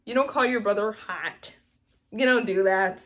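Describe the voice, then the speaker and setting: Young woman doing a chatty movie recap, sarcastic side comments, laughs a lot, medium pitch. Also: unhurried, fairly bright tone. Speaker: movie review vlogger.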